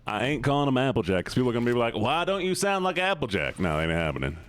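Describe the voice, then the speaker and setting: A man's voice: mid-range voice, big pitch swings, quick pace, background noise, lightly acted. A man streamer putting on a folksy Southern cowboy voice with a twangy drawl. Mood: stubborn. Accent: American Southern (put on). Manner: ain't-heavy folksy talk.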